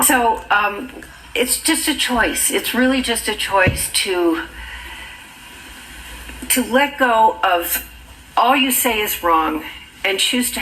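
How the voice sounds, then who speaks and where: A woman author giving an encouraging, inspirational talk to an audience, slowing down on key words. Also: medium pitch, bright, forceful tone, echoey room, rough recording. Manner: earnest, encouraging, stretching key words slowly. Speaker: motivational speaker and author.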